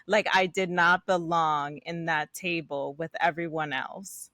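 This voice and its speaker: Woman, interview host, relaxed, reflective, supportive, dry close sound. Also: low-pitched, measured pace, no echo. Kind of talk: casual interview chat.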